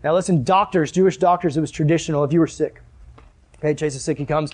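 Male pastor with a high voice, giving a casual, storytelling sermon. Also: fast talker, a little mellow, husky. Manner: conversational, acts out the scenes he tells.

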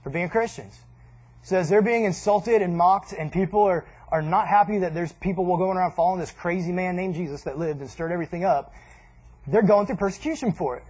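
A man gives a casual, conversational sermon in a fairly high voice. His tone is husky, and he jokes along the way and acts out what people say. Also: brisk, darkish tone. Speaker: pastor.

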